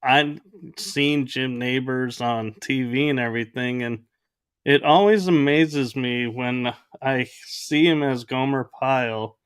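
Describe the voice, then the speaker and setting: A man's voice: mid-range voice, takes it slowly, fairly bright tone, smooth, no room sound. A man hosting an interview podcast, reacting with enthusiasm and expression. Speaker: podcast host. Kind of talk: casual interview chat.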